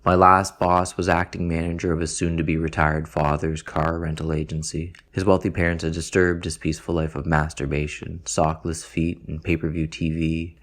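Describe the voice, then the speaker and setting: A man giving dry, deadpan first-person narration of a literary story. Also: low voice.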